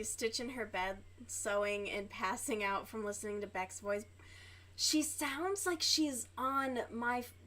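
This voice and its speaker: A woman's voice: fairly high pitch, fairly bright tone. A young woman livestreaming while she crochets, chatting casually and rambling with lots of fillers and swearing. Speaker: livestream host.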